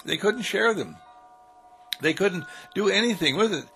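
Male inspirational preacher, gravelly fry, chuckling and repetitive, with soft music underneath. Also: sits high, animated, a little slow. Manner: repetitive, chuckling, sing-song cadence. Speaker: spiritual speaker. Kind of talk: inspirational sermon. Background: faint music.

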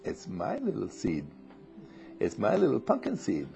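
A man's voice: fairly low pitch, wildly swooping pitch, unhurried, warm tone, faint music behind. A man leading a spiritual talk to a small group, playfully telling stories and acting out little voices. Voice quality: husky, gravelly. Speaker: spiritual teacher.

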